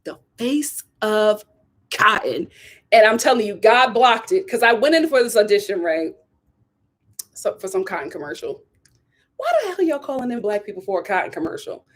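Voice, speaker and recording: A woman's voice: medium pitch, big pitch swings, fairly quick. A woman hosting her own vlog, chatting casually and emphatically as she tells a story and acts out the voices of other people. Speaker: vlog host and actress. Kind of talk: casual opinion chat.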